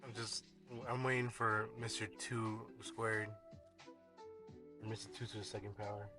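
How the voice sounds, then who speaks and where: A man's voice: lowish voice, little pitch movement, moderate pace, bright, forceful tone, soft background music. A man co-hosting a podcast who chimes in with teasing jokes. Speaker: podcast co-host. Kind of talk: casual chat.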